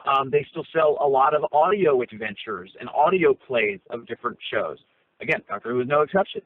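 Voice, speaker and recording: A man's voice: medium pitch, lively intonation, brisk, dry recording. A man co-hosting a casual chat from a parked car, talking through his phone and rambling with many fillers and restarts. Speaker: co-host. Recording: tinny phone line.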